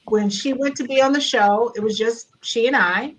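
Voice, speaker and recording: A middle-aged woman guest speaker telling a personal story over a video call, animated and laughing as she gets louder. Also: a little high, normal speed, poor audio. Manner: animated, grows loud and laughing in retelling. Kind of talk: storytelling in a conversation.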